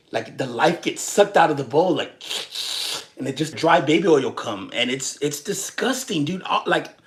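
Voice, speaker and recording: A young Texan livestream host rants casually and profanely, rambling, animated, and joking and chatting with viewers. His voice is on the high side, a little slow, with frequent pauses.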